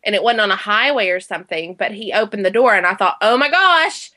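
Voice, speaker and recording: A woman co-hosting a casual chat, telling a story in an animated way with lots of "like". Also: medium pitch, a little fast. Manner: animated storyteller, heavy use of "like".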